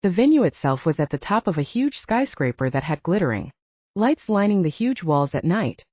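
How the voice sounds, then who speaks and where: Low, expressive woman narrator. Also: moderate pace, no echo. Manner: expressive storytelling. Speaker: audiobook narrator. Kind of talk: scripted narration. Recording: dull dry audiobook recording.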